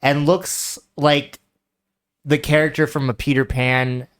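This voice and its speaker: A man with a slightly high voice, joking and sardonic in casual podcast chat. He talks like a critic who cannot believe what he watched. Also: level tone, takes it slowly, clean tone. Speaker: podcast co-host.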